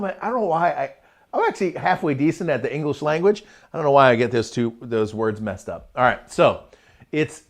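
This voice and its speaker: A middle-aged man hosting a live motivational talk, chatty and energetic, with asides to his online chat. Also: mid-range voice. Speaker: host of a live motivational show.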